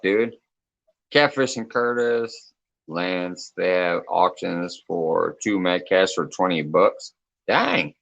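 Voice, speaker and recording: A man's voice: low voice, expressive, a little slow, fairly bright tone, rough recording. A man hosting a casual late-night livestream chat, reading comments aloud, laughing often and swearing freely. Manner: loose, joking, swears freely. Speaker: livestream host.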